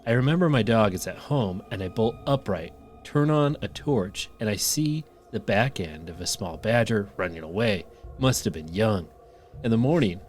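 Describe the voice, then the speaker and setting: A man co-hosting a podcast, reading listener stories aloud and adding dry jokes. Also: lowish voice. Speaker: podcast co-host.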